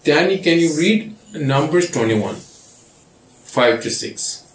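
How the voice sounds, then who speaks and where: A man's voice: a little high, lively intonation, takes it slowly. A man, the pastor, teaching a Bible study and often checking that his listeners understand. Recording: echoey room from far off.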